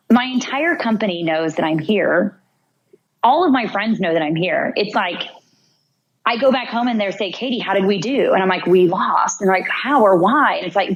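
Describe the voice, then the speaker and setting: A woman's voice: mid-range voice, a little hiss or hum, low-quality recording. A young woman, a podcast guest, telling a personal story vividly and acting out her own thoughts. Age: young adult. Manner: vivid narration, acts out her own inner voice.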